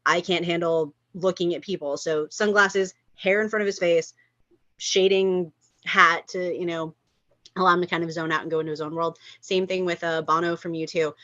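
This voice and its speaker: A woman chatting casually over a video call, talking with lots of fillers and lively asides. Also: fairly low pitch, moderate pace, dry recording, muffled recording. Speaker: cast member of an online table-read group. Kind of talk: casual chat.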